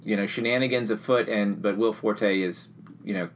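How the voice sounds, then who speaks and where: A man's voice: lowish voice, normal speed, slight background noise. A man co-hosting a podcast, chatting in an easygoing, rambling way with wry humor. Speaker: podcast co-host. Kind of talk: casual chat.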